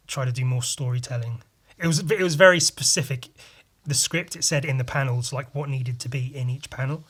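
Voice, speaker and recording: A young man hosting a podcast, chatting casually and hesitantly about his old comic drawings, filling pauses with ums and throwing in quick sound effects. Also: a little high, fairly bright tone. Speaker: podcast host. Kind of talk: casual chat about his own artwork.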